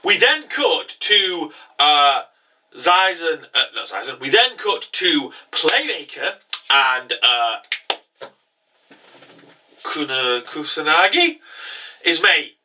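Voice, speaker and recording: A man hosting a casual anime episode review, talking in an excitable, rambling way with lots of stammered restarts. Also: a little high, slow, pauses often, distant mic, noisy background.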